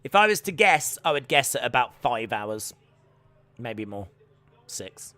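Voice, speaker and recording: A young man hosting a live watch-along stream, rambling chattily with viewers and calling the action in excited play-by-play. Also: medium pitch, unhurried, long pauses, no room sound.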